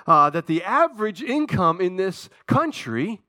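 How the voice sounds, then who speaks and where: A man preaching a sermon to his church, swinging between hushed, slow passages and emphatic, animated ones. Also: high voice. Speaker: pastor.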